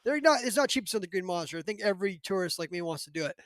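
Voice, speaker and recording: On his casual podcast, a high-voiced man who seems to be in his thirties tells a wandering story, leaning on fillers and animated tangents. He speaks rapid-fire, and the recording is close and dry with no room sound.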